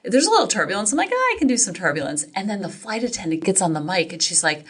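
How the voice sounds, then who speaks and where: A woman hosting a parenting podcast, telling a story in a chatty, animated way and acting out what people said. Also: medium pitch, fast, breathy edge. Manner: chatty, animated, acts out quotes. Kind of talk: casual solo podcast storytelling.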